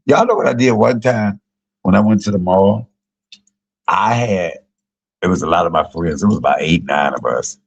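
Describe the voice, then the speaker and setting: A middle-aged man, a comedian, telling profane, joking stories on a casual livestream and jumping high in pitch when he quotes people. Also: lively intonation, unhurried, creaky, pauses often, slightly rough, poor audio. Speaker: comedian and YouTube cook.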